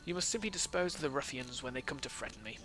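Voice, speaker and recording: A man's voice: medium pitch, animated, fast, noisy background, natural voice. A man reading out the lines of a haughty actress in a video game, in his own plain voice. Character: boastful haughty actress, adult woman.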